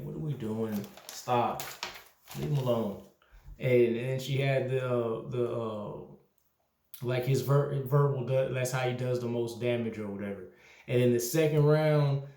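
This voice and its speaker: Guy rambling thru a battle rap recap, lots of ums, mid pitch, echoey room. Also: darkish tone. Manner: rambling, heavy on fillers, exasperated asides. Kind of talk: casual battle recap commentary.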